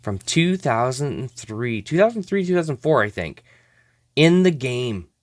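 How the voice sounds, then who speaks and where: A man's voice: mid-range voice, sing-song, unhurried, no echo. A man hosting a hockey card opening show, chatting casually and exclaiming over each card, often laughing at himself.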